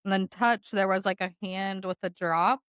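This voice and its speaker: A woman's voice: mid-range voice, fairly even intonation, normal speed, a bit bright, smooth, dry recording, clean studio sound. A woman co-hosting a podcast in easygoing, chatty talk, laughing easily. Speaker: podcast co-host. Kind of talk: casual chat.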